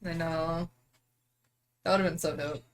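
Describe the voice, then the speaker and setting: A woman's voice: low voice, fairly even intonation, a little slow. A woman co-hosting a movie reaction, chatting casually and teasing with amusement. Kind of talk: casual chat reacting to a film.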